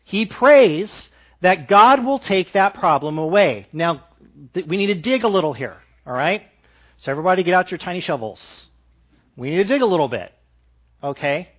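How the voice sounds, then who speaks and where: High-voiced man preaching a sermon. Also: expressive, normal speed, dull audio. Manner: engaging, asks the audience questions; drops to a soft, quiet voice for emphasis.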